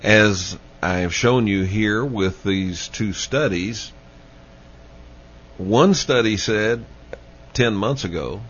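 A man hosts a call-in radio show, taking his time and circling back to the same questions for his listeners. His voice sits on the low side, and his delivery is slow. The broadcast sound is dull and lo-fi, with a faint hiss underneath. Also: fairly bright tone. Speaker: radio talk show host. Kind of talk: late-night call-in radio talk.

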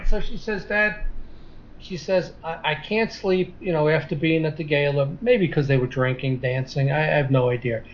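A man's voice: fairly high pitch, steady tone, normal speed, slight background noise. A middle-aged man earnestly retelling a story in a rambling way, stringing lines together with "she says". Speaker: guest telling a story. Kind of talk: casual spoken storytelling. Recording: dull lo-fi audio.

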